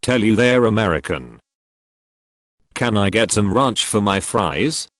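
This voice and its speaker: A man's voice: on the low side, lively intonation, measured pace, a bit bright, no echo. A man narrating, reading out a list of online comments. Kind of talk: scripted narration.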